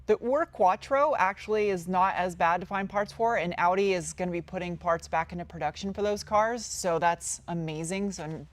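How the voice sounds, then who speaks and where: A woman's voice: lowish voice, moderate pace, few pauses, no echo. A woman casually answering viewer questions on a live stream, rambling and chatty as she reads out each question. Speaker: car-build YouTuber answering live chat.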